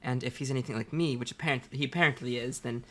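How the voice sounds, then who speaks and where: Reading comic dialogue aloud, a performer voices a verbose, articulate teen girl with a dry wit and elaborate phrasing. The voice is mid-range, fast, and sharp, with a wry mood.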